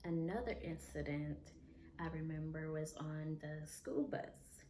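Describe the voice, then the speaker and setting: A young woman vlogger telling a personal story in a soft, candid, unhurried way. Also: low voice, a little hiss or hum. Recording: echoey room, faint ambience.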